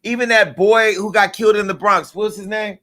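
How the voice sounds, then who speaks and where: A man's voice: sits high, fairly even intonation, a little fast, sharp tone. A middle-aged man hosting a live show, delivering an angry, profane, emphatic rant. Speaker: host. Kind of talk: impassioned live-stream rant.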